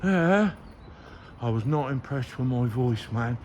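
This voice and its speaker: A man's voice: medium pitch, steady tone, moderate pace, mellow. A man in his fifties with a Norfolk accent, mumbling and rambling as he reminisces while walking outdoors. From Norwich, England. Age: 50s. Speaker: vlogger. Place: outdoors, walking by a river and streets. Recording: outdoor phone recording with background noise.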